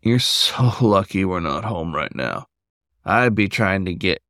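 A man's voice: low voice, lively intonation, measured pace, sharp tone, no echo, clean studio sound, heavily acted. A man voicing an anxious, bratty male wolf with a snappy, barking way of talking. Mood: teasing.

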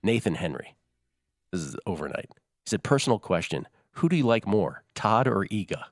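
Man, sports betting host, low voice, dry close mic, rambling casual chat. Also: sing-song, dry recording. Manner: chatty, rambling, quick asides and laughs.

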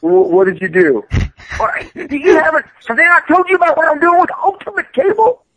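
Brief: a man doing a boastful, excitable comic writer, high, rushing, dry close sound. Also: no echo, exaggerated voice, rough recording. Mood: eager. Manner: eager, rushed, high-pitched.

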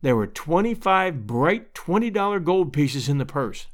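A man's voice: on the high side, big pitch swings, a little slow. A man reading an old-fashioned story aloud as narrator. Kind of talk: audiobook narration.

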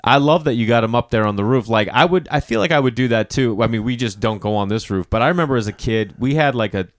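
A man's voice: medium pitch, fast, no echo. A man telling stories in casual chat, acting out the people he quotes. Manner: animated storyteller, acts out quotes.

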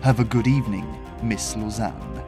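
A man voicing a cold, calm, menacing swordsman, speaking slowly and with quiet threat in a storybook reading. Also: lowish voice, vocal fry, over music. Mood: coldly threatening.

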